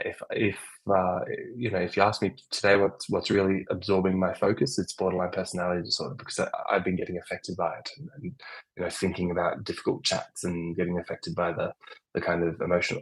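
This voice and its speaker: A man with a low, somewhat raspy voice answers chat questions on a livestream. He is a doctor and talks in a loose, conversational way, thinking aloud as he goes. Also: fairly even intonation, fairly quick, low-quality recording.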